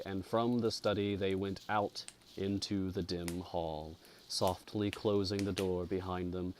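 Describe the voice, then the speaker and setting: Deep-voiced man slowly narrating a ghost story. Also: a little mellow, a little hiss or hum. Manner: slow, deliberate, atmospheric reading.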